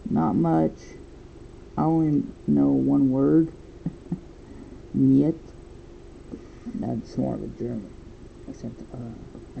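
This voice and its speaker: A man's voice: fairly high pitch, gravelly, narrow, tinny audio, slight background noise. A man in his twenties chatting casually and rambling while he draws a comic. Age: 20s. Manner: rambling, thinking aloud. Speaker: comic artist. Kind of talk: casual chat while drawing.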